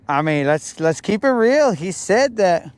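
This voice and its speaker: A man's voice: high voice, very animated, a little slow. A young adult man hosting a podcast, chatting casually and jokingly in heavy slang, calling everyone bro and dog. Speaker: podcast host. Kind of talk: casual chat.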